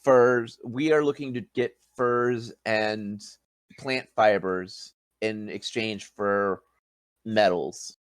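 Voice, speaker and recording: A dazed young noble paladin-in-training, polite and formal, stumbling over his words in a tabletop game, as a man puts him on. The voice is low and very dry. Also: fairly even intonation, no echo. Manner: halting, formal and courteous.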